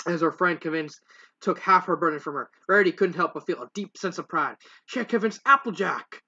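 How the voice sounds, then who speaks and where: A man reads fanfiction aloud in a casual, rambling way, stumbling over words and adding self-mocking asides. His voice is bright and a touch higher than most. The recording is dull and lo-fi. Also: brisk. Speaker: fanfiction reader. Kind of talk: casual story reading with asides.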